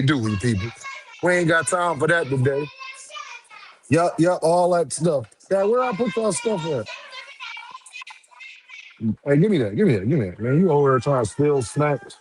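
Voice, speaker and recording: A man hosting a casual livestream, firing off lively, repetitive shout-outs to viewers with slangy banter. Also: on the high side, moderate pace, long pauses, a little hiss or hum. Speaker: livestream host.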